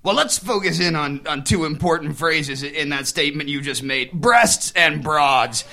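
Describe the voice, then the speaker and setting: Bawdy puppet showman, voiced by a man: gravelly, bright and a little high, all crude puns. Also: a little slow, full character voice. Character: crude wisecracking male puppet, middle-aged. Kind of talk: puppet comedy interview.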